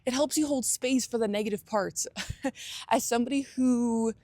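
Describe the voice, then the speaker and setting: A woman's voice: on the high side, moderate pace, warm tone, no echo. A young adult woman hosting a motivational talk, speaking earnestly with frequent restarts and acted-out inner thoughts. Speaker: host.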